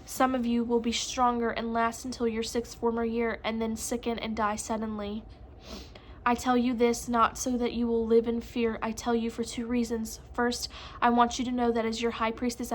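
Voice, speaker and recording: A commanding vampire high priestess from a storybook, as a woman reads her, solemn and tense. She speaks in a fairly high, even voice that hardly rises or falls, with faint hiss in the background. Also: lightly acted.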